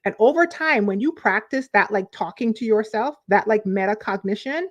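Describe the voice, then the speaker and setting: Woman life coach, talking to camera, lively, repeats key phrases. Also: medium pitch, moderate pace. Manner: animated, conversational, repeats phrases for emphasis. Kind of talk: direct-to-camera coaching talk.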